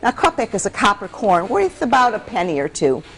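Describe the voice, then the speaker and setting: Animated woman storyteller from Michigan. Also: medium pitch, a little fast. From Michigan, USA. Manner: animated, coaxes the audience to repeat words. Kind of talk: telling a folktale to a live audience.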